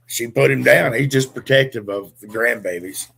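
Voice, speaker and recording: Middle-aged male co-host, gravelly and bright, laid-back storyteller. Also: mid-range voice, normal speed. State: dry mouth. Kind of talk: casual chat.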